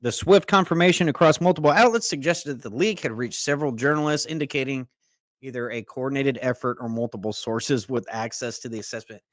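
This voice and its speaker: A man's voice: medium pitch, fairly quick, dry recording, studio quality. A man co-hosting a political commentary podcast, reading news excerpts aloud and breaking into casual asides. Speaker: co-host.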